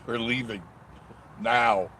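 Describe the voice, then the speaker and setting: This man's mid-range voice is bright and forceful, with a steady tone and a slow delivery. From his car, he reads out live chat comments and rambles jokingly with viewers, and slight background noise is audible.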